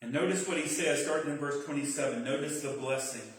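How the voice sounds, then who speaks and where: A man's voice: on the high side, a little fast, hardly any pauses. A male pastor teaching a Bible study sermon in a dramatic, explanatory way. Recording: very echoey hall from far off.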